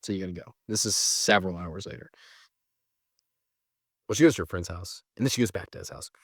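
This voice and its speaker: Guy telling his breakup story, lowish voice, gets loud and squeaky when he's fed up, dry close sound. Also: fairly quick, slightly rough, dry recording. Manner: animated, self-mocking, jumps to high pitch when exasperated. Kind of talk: casual storytelling.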